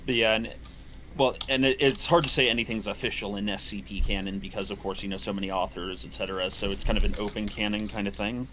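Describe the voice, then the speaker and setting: A man's voice: fairly low pitch, steady tone, quick pace, pushed and bright, slight background noise. A man in casual livestream chat, rambling and playful, laughing often.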